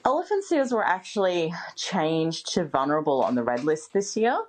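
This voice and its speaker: A woman, answering as a scientist in a radio interview, explaining in a measured way with casual fillers. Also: low-pitched, sing-song, darkish tone. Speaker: seal expert interviewee.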